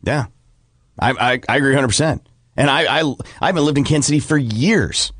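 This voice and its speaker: A man's voice: medium pitch, brisk, fairly bright tone, breathy edge, no echo, clean studio sound. Upbeat male morning radio host. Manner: upbeat, laughs easily, takes calls. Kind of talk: casual radio chat.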